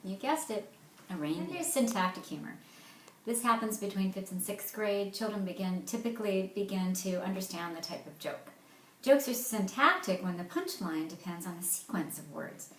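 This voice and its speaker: A woman talks through a lesson at a middle pitch, reading jokes aloud with lively, playful emphasis. Her voice rings a little in an echoey room. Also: normal speed, a little hiss or hum. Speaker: speech therapist presenting a therapy game. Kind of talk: explanatory presentation.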